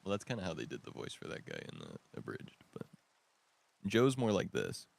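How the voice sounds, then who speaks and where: Playful young man with a gravelly voice. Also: deep voice, wildly swooping pitch, fairly quick, darkish tone. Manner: playful, joking, laughs often, tries silly voices. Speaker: gaming co-player. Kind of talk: casual gaming chat.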